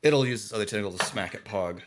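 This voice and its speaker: Low-pitched male game master, halting, self-correcting, casual. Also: background noise. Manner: hesitant, corrects himself often. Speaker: dungeon master. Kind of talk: narrating a tabletop game.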